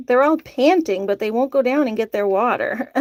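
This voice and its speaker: A woman's voice: on the high side, unhurried, darkish tone. A young woman chatting casually in a chicken coop, laughing often and cooing at her birds. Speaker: vlogger tending chickens. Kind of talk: casual chat. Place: backyard chicken coop at night. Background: chickens clucking.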